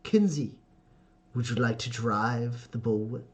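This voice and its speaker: A man doing a smug, domineering older father of a clan, who barks orders and talks down to his people. He speaks in a pushy, raised voice, and his pitch climbs when he commands. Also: a little slow, lightly acted. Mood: commanding.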